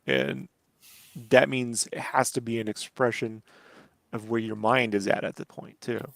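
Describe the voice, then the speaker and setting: A man's voice: medium pitch, fairly even intonation, a little slow, gravelly, fairly bright tone, no echo. Rambling casual male comic artist. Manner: rambling, lots of "like" and "you know", swears casually. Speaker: comic artist streaming while inking. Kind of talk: casual chat while drawing.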